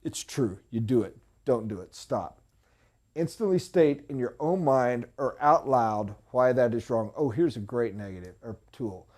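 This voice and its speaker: A man giving a motivational sales training talk, emphatic, repeating short punchy phrases and swinging from quiet and low to loud and high. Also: animated, measured pace.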